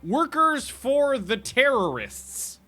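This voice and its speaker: A man's voice: very high-pitched, very animated, slow, sharp tone, soft background music. A man casually chatting with viewers while streaming a game, rambling and laughing often.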